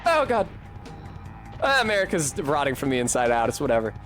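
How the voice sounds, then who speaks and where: A man's voice: fairly high pitch, sing-song, a little fast, a bit bright. A young man streaming a video game, rambling in casual chat with a sardonic, swearing manner. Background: faint game music.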